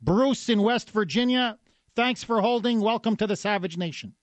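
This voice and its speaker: A man's voice: high-pitched, normal speed, no room sound. A man hosting a talk radio show, delivering a combative, sarcastic rant between callers. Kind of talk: opinionated talk radio monologue.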